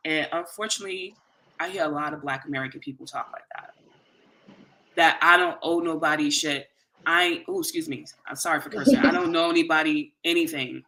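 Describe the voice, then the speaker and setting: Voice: medium pitch, brisk. A host telling a long personal story in an earnest, conversational way, acting out the lines of the people in it. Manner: animated, earnest, conversational, quotes others in dialogue.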